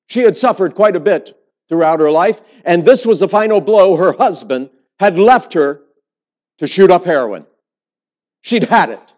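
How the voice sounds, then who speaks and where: A man's voice: sits high, lively intonation, normal speed, darkish tone. A man preaching a sermon in a church as a theology professor, emphatic, with dry humorous asides. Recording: muffled lo-fi sermon recording.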